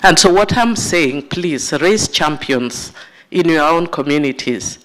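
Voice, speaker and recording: Slow, emotional Kenyan woman speaking. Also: low voice, expressive, a bit bright. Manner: emotional, halting, apologizes for her feelings. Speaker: member of parliament giving an address. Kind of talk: public speech at a side event. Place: conference room.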